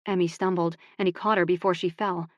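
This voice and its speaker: A woman narrating a romance audiobook in a calm, even voice on a close studio mic. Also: fairly low pitch, a little fast, dry recording, lo-fi sound.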